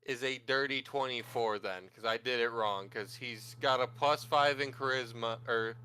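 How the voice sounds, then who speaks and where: A man with a bright, forceful voice talks excitably at a game table. His words come out smooth and crisp as he thinks aloud. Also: medium pitch, moderate pace. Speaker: player. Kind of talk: casual tabletop game chat.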